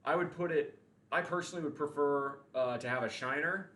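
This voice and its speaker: A man's voice: on the high side, a little fast, sharp tone. Rambling opinionated man in an echoey room. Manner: rambling, opinionated, frequent restarts and fillers. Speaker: podcast host. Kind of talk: casual livestream chat.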